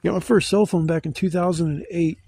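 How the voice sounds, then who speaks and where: A middle-aged man vlogging casually while driving, excitable and swearing freely. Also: brisk, gravelly, breathy edge. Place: inside a car on the road. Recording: car road noise throughout. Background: car engine rumble.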